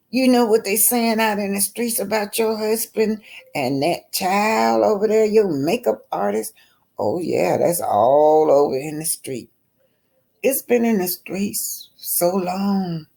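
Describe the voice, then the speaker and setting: A woman's voice: lowish voice, vocal fry, a little mellow. A woman hosting a live stream, reading viewer comments aloud and firing back with indignant, mocking retorts.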